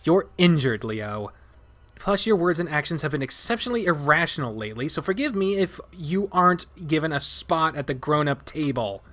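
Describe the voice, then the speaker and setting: A man voicing an exasperated young female wolf who speaks crisply and condescendingly in a raised voice. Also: fairly high pitch, lively intonation, normal speed, a bit bright, pitched above the performer's own voice. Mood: cutting.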